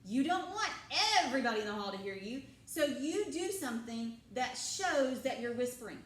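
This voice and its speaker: Her voice is a little high, with lively intonation and a moderate pace, as she teaches drama and quizzes the class, repeating each answer. Captured from afar, the school classroom sounds echoey.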